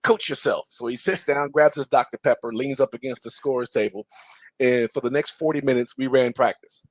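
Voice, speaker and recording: Fairly quick and mid-range in pitch, this man's voice comes through with no room sound. As a guest who once played and later broadcast, he spins basketball anecdotes in relaxed podcast talk, performing the quotes of everyone involved.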